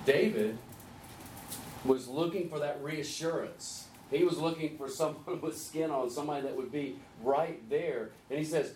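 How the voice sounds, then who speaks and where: A man leading a group Bible study, conversational and gently teasing, asking the group questions. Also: on the high side, moderate pace. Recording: echoey room, distant mic, faint hiss.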